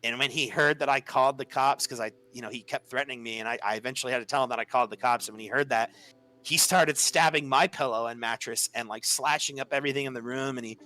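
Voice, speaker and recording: Chatty and casual, this young podcast storyteller leans heavily on "like" and acts out the lines he quotes. He speaks quickly in a medium-pitched voice with a bright, forceful tone.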